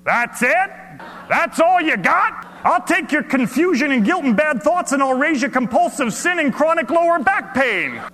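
A man voicing a brash man who yells a challenge from the back of a room. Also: very high voice, sing-song, normal speed, in a large hall, voice pushed up, exaggerated voice. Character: loud heckling man calling from the back.

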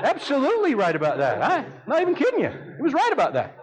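A middle-aged man with a notably high voice, preaching from the pulpit. He tells his story with animation and humor, leaping up in pitch when the telling turns dramatic. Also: huge pitch swings, fast talker, slightly rough, low-quality recording. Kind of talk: sermon storytelling.

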